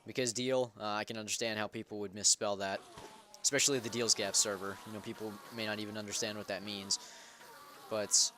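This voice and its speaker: A man's voice: lowish voice, flat delivery, brisk, sharp tone, slight background noise. A young man hosting a game server, giving casual gameplay commentary in a rambling, self-correcting way. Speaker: Minecraft server host.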